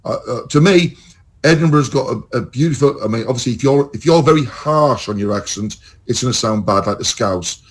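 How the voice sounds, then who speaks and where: A man's voice: medium pitch, a little fast. An English man co-hosting a podcast in casual chat, rambling and swearing as he tells stories. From England. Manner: swearing, rambling, animated storytelling. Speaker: podcast co-host.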